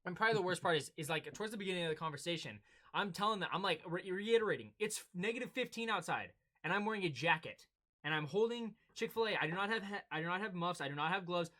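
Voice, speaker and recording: A man's voice: high voice, quick pace. A young man co-hosting a casual podcast, telling stories and acting out both sides of the exchanges. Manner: animated storytelling, acting out exchanges. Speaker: podcast co-host. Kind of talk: casual chat.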